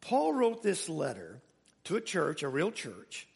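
A man's voice: fairly high pitch, wildly swooping pitch, measured pace, vocal fry, slightly rough, big-room sound. A man preaching a sermon, telling a story in a chatty way with laughs and asides.

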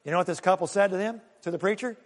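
A male pastor preaching a sermon, swinging between loud calls and quiet low asides. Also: very fast, big-room sound.

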